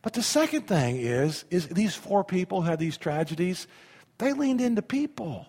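High-voiced pastor preaching in a reverberant hall. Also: male voice, very animated, normal speed, a little mellow, husky. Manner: emphatic, leads the congregation in call-and-response. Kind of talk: sermon. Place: church sanctuary.

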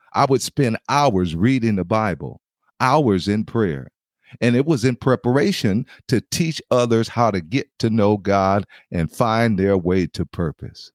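A man preaches in an earnest, measured way, sharing his own story and reading scripture aloud. His voice sits at an ordinary middle pitch. The recording is dry and close, with no room sound. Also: a little mellow, no room sound. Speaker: podcast host and preacher. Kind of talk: scripted sermon with personal testimony.

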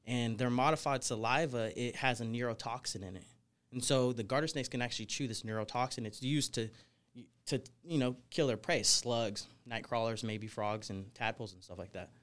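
Energetic man telling rambling stories. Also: medium pitch, moderate pace. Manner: energetic, rambling, frequent fillers like "you know". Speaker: guest, snake wrangler. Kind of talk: casual storytelling interview.

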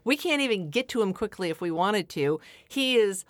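Animated middle-aged woman telling a story. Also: medium pitch, normal speed, no room sound. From Washington State, US. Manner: animated storyteller, laughs often. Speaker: podcast co-host. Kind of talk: casual storytelling chat.

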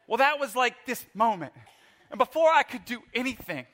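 A middle-aged man preaching a sermon in church, telling a lively personal story and leading the congregation in call-and-response. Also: very high voice, moderate pace, a little hiss or hum. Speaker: pastor. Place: church service.

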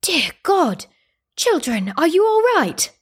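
A woman's voice: on the low side, a little fast, a little mellow, close to an everyday voice. A woman doing an old village man calling out urgently. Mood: alarmed.

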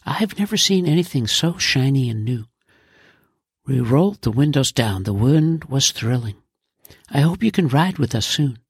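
A man voicing an excited young boy who is eager about a new car. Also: mid-range voice, moderate pace, husky, no room sound, studio quality.

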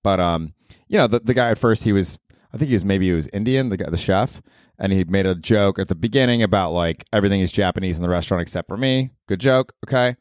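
A man's voice: lowish voice, fairly quick, darkish tone, dry recording, clean studio sound. A man in his thirties hosting a solo podcast, telling rambling, profane stories and chuckling. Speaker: podcast host. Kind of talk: casual solo podcast monologue.

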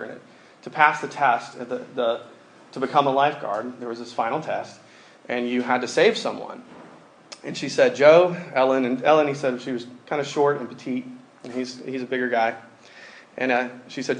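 Conversational man preaching to a group. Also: medium pitch. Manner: conversational preaching with fillers, reads scripture aloud. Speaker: pastor. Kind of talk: sermon.

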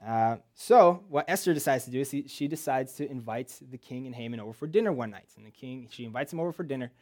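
In church, a man retells a Bible story as a sermon, casual and joking, with rhetorical questions and quick asides. His voice is medium-pitched, animated and darkish in tone.

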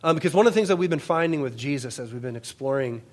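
A man in his thirties, a pastor preaching a sermon in a relaxed, storytelling way, often checking in with the audience. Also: mid-range voice, rapid-fire. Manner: conversational, anecdotal, often asks "right?".

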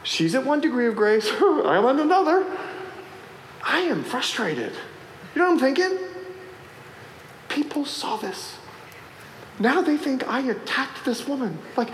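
A man, a pastor preaching a sermon and telling a story with lively acted-out voices. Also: high-pitched, moderate pace, long pauses, a little hiss or hum. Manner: animated storytelling, acting out voices in the anecdote. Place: church sanctuary. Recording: echoey hall, faint ambience.

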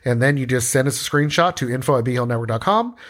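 A man's voice: mid-range voice, fast. A man hosting a podcast, reading the intro and then joking around in casual chat. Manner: playful, lively, jokey. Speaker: podcast host.

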